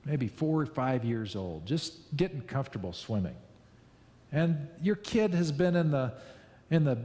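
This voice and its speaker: A man preaching a sermon, telling a story in a lively way and repeating key lines for emphasis. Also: medium pitch, big-room sound. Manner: storytelling, animated, with repetitions for emphasis. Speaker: pastor.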